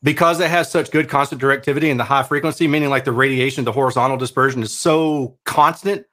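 A man's voice: mid-range voice, steady tone, fast talker, fairly bright tone. A man co-hosting a casual podcast, laid-back and explaining audio technical detail at length. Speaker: podcast co-host, speaker reviewer. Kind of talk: casual chat.

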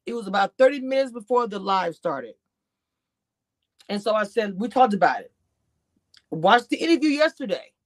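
A woman giving chatty, animated reality-TV commentary on a livestream, talking straight to her chat. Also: mid-range voice, normal speed, pauses often, dry recording. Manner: grows exasperated and incredulous. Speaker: YouTube commentator.

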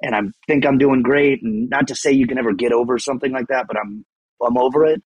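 A man's voice: mid-range voice, fast, husky, dry recording, highs cut off. A man guest on a podcast, talking in a rambling, self-deprecating and emotional way. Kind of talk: candid conversational interview.

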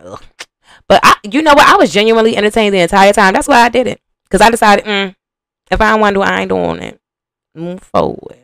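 A woman's voice: mid-range voice, no room sound. A young adult woman, hosting a podcast and giving casual, profane reaction commentary while talking straight to her viewers. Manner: animated, profane, talks to viewers as y'all. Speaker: podcast host reacting to a reality show.

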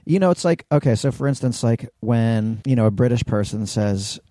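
A man's voice: mid-range voice, lively intonation, moderate pace, warm tone, no room sound. A man, co-hosting a podcast and arguing his points in casual, opinionated banter. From New York. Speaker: podcast co-host. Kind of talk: casual chat.

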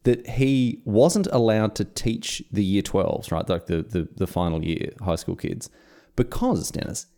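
Lowish, expressive man. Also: measured pace. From Australia. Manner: wry, self-mocking, expressive storyteller. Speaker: history podcast host. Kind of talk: casual chat.

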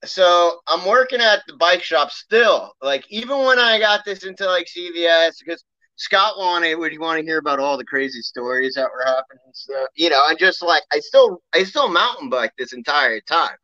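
A man tells a long, meandering story in casual chat. He talks with a bright, tense voice. The sound is dry and slightly dull, like a remote call. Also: fairly high pitch, moderate pace, no room sound. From New York City. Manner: rambling, laughing, full of fillers. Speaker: guest, bike company owner.

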